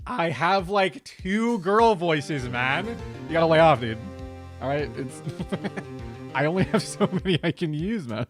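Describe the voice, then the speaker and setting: Casual man streamer, jokey slangy commentary, lively pitch. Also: measured pace, over music. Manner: joking, slangy, laughing.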